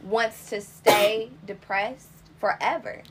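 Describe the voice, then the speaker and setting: Young woman, earnest, reflective, explaining, mid pitch, light background hiss. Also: fairly even intonation, takes it slowly. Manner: reflective, earnest, explains things in long sentences. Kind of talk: casual chat.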